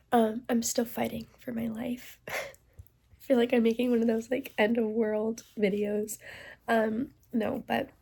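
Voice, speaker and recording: A young woman with a husky, mellow voice chats candidly into her phone at arm's length. She sounds stuffy and queasy. Her slightly high voice keeps slipping into gravelly fry. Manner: candid, chatty, frequent "like" and "um". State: nauseous and congested. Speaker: vlogger. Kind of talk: casual pregnancy vlog. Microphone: phone held at arm's length.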